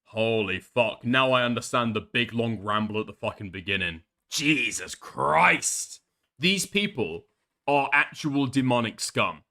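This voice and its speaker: A man's voice: mid-range voice, animated, moderate pace, pushed and bright. A man streaming live, reacting to a video with crude, mocking commentary and frequent laughter.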